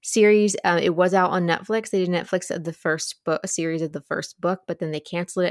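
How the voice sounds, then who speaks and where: A woman's voice: fairly low pitch, steady tone, a little fast, hardly any pauses, no echo. Giggly young woman, dry close sound. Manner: enthusiastic, giggly, with fillers. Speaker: podcast co-host. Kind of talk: casual book podcast chat.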